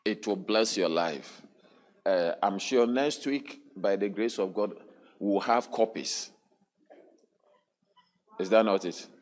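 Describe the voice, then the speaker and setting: A man's voice: fairly low pitch, slow, pauses often. A man preaching a sermon at a church service, drawing responses from the congregation with frequent hallelujahs and questions. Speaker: pastor.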